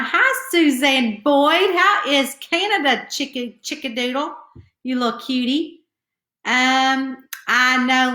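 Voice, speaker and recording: A high-pitched, pushed and bright voice belongs to a middle-aged woman with a Southern hillbilly twang. As an author hosting a live stream from home, she chats nervously and greets viewers by name, in an echoey room.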